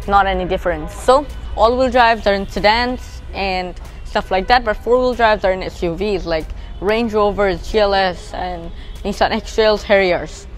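A woman with a Bangladeshi English accent giving a casual walkaround car review outdoors, explaining features as she points them out, her voice drifting from the camera mic as she moves. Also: mid-range voice. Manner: chatty, explanatory, points things out as she goes. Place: outdoors beside a parked car.

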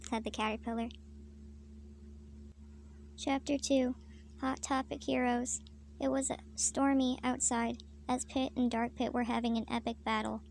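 Woman, deadpan fanfic reader, slightly high voice, heavy fry, monotone. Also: measured pace, long pauses, a little hiss or hum. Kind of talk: reading a parody fanfiction aloud.

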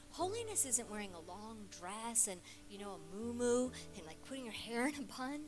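A woman preaching at a women's conference, animated and jokey, swinging from loud to hushed. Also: high-pitched. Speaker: conference speaker. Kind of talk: sermon.

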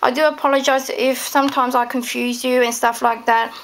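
This craft tutorial maker, an adult woman with children, speaks in a high voice with a flat, brisk delivery. She still chats and gushes about her handmade dolls while explaining the sewing steps, using many fillers.

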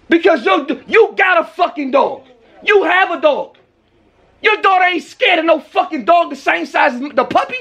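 A furious man ranting, high-pitched and shouting. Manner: profane, heated, often shouting. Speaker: vlogger. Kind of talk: angry rant to camera.

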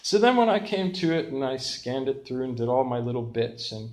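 An older man preaching a sermon as pastor, telling stories with lively, self-mocking humor. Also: mid-range voice, brisk.

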